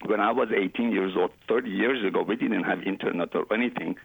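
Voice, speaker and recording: Iranian-accented man, husky and low. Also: brisk, no room sound, poor audio. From Iran. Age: 40s. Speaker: guest. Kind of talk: interview guest telling his story.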